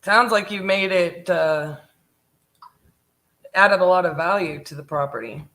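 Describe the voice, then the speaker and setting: A woman's voice: fairly low pitch, a little slow, a bit bright. A woman with a Southern US accent leading a live sales call as host, friendly and affirming, mirroring the caller. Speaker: real estate investor, host.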